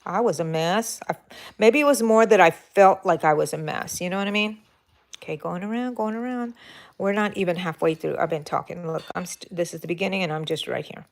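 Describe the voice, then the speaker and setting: A woman's voice: lowish voice, fairly quick, creaky. A woman hosting a live crochet stream, chatting casually and answering viewers' comments in rambling, self-interrupting asides. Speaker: crochet channel host.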